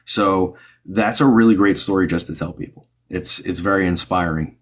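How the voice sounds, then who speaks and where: A man's voice: low voice, moderate pace. Man, psychic medium host, upbeat, rambling, casual live chat. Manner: rambling, upbeat, with many restarts and fillers. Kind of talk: live-stream advice chat.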